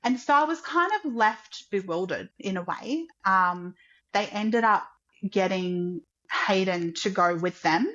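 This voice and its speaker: Recorded with muffled sound, this woman has a medium-pitched, slightly bright voice and a measured pace. She's a chatty podcast guest sharing a personal story, full of "like" fillers and acted-out quotes from others.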